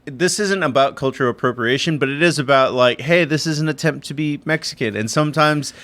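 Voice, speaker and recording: A young man from Texas co-hosting a casual podcast, explaining his points in a relaxed way. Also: a little high, a little fast. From Eagle Pass, Texas. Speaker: podcast co-host.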